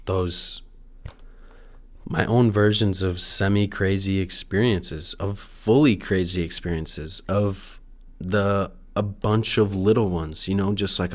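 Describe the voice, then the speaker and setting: A young man talking alone in a casual, rambling monologue, full of restarts and fillers and the odd swear word. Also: deep voice. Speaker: solo podcaster. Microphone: no camera, audio only.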